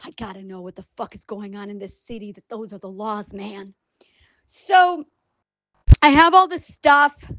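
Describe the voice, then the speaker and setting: A woman talking casually on her vlog in an animated, rambling way, swearing now and then and acting out other people's voices. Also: medium pitch, measured pace, no room sound. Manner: animated and rambling, with frequent profanity; acts out quoted voices. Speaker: scientist and online writer. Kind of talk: casual unscripted vlog monologue.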